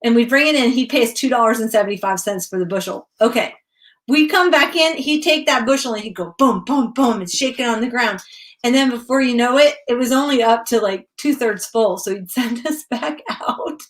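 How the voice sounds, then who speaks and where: A woman's voice: a little high, lively intonation, brisk. A middle-aged woman from Connecticut chatting casually and rambling through memories while she works on a craft journal during a livestream. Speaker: craft vlogger.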